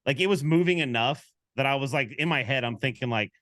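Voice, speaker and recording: A man co-hosting a casual sports podcast, telling stories with lively quoted back-and-forth. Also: medium pitch, fairly quick, hardly any pauses, no echo, clean studio sound. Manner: animated storyteller, acts out quoted exchanges. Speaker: podcast co-host.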